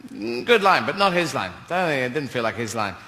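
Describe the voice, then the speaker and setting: A man's voice: medium pitch, very animated, fairly quick. A man doing a rambling, sweary stand-up bit, giggling at his own jokes. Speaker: comedian. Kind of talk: stand-up routine. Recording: echoey venue with loud ambience.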